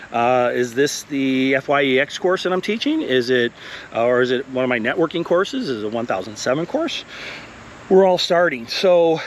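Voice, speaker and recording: Male college instructor, walking vlog, a bit out of breath, earnest and encouraging, faint outdoor noise. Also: fairly high pitch. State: a little out of breath. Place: outdoor wooded path.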